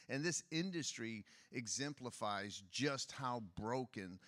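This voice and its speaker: Guy on a conference stage, lowish voice, opening up about where he came from. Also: moderate pace, few pauses, a bit bright, dry recording, clean studio sound. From Detroit, USA. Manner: candid, personal storytelling. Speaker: political candidate.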